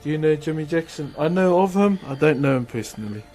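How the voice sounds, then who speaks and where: A man with a New Zealand accent, a streamer casually chatting with viewers while woodcarving, laid-back and quick to laugh. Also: fairly high pitch, lively intonation, darkish tone, faint music behind. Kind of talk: casual livestream chat answering viewers.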